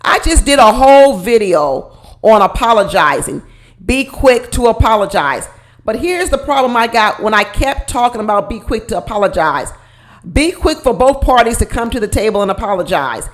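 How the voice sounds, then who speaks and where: A woman's voice: on the high side, lively intonation, moderate pace. A woman giving a casual vlog review of a reality TV show, talking straight to her viewers in a blunt, emphatic, colloquial way.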